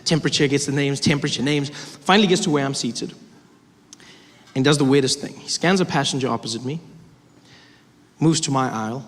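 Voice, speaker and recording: A man from South Africa doing animated stand-up storytelling. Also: medium pitch, fairly quick, pauses often. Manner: animated, acting out characters. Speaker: stand-up comedian. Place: live comedy venue. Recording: theater with long reverb and audience.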